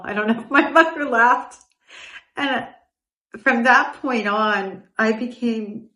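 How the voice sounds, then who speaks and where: A woman's voice: lowish voice, fairly bright tone, reverberant, distant mic. A middle-aged woman hosting a podcast, telling a personal story in a candid, reflective way with asides and self-corrections. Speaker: podcast host.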